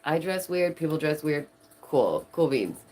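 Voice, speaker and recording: A woman vlogger riffs through casual commentary. She is sarcastic and animated and laughs a lot. Her voice sits a little low. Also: measured pace.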